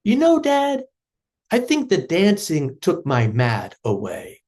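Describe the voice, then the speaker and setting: A man's voice: a little high, wildly swooping pitch, takes it slowly, a little mellow, exaggerated voice. A man doing a sulky little boy. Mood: cheerful. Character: sulky four-year-old boy.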